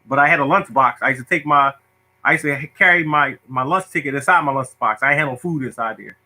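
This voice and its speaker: Guy telling a childhood story to viewers, bright voice, keeps cracking up laughing. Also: mid-range voice, fast talker, rough recording. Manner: laughs often, animated, imitates people. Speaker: storyteller host. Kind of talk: casual storytelling monologue to viewers.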